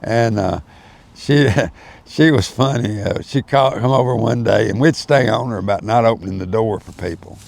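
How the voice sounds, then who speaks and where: A low-voiced older man with a drawl and a gravelly edge. He rambles through folksy stories in a casual interview, full of fillers and asides. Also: normal speed, a little mellow. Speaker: interview guest. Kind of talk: storytelling in casual chat.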